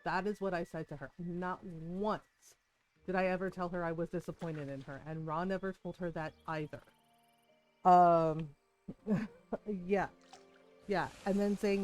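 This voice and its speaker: A woman's voice: fairly low pitch, steady tone, unhurried, long pauses, darkish tone, soft background music. Candid swearing woman in her forties. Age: 40s. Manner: candid, swears freely, breaks into laughs. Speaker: streamer. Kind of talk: casual venting chat while gaming.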